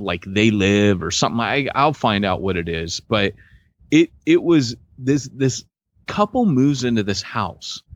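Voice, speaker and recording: Animated storytelling man in his forties. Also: mid-range voice, no echo, muffled recording. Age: 40s. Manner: animated storyteller, acts out voices. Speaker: podcast co-host. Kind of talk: casual chat, storytelling.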